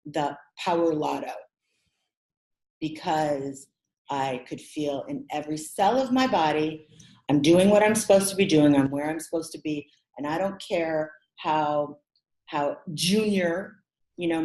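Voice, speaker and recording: A middle-aged woman from the American Midwest, a podcast guest telling her career story in an animated, expressive way and acting out quotes. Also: low voice. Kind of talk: conversational storytelling. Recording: roomy echo.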